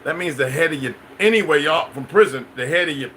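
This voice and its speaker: A man with a bright, forceful voice hosts a casual livestream. He wanders from point to point, circles back and repeats himself, and keeps calling out to the viewers. There is a faint hum of room noise behind him. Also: fairly high pitch, quick pace, rough recording. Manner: loose, meandering, repeats phrases, addresses viewers as y'all. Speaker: livestream host. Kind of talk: rambling livestream monologue, answering chat.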